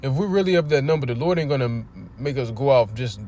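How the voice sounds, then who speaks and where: Fast and expressive, with a medium-pitched, darkish voice, a preacher livestreams a scripture teaching near a street amid slight background noise. He reads passages aloud, fires off rhetorical questions, and swears bluntly to make his points land.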